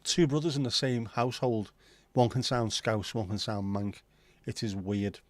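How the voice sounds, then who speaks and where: A man's voice: fairly low pitch, steady tone, moderate pace, no echo. A man hosting a casual livestream, chatting and bantering loosely with plenty of swearing while reading viewer comments. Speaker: livestream host.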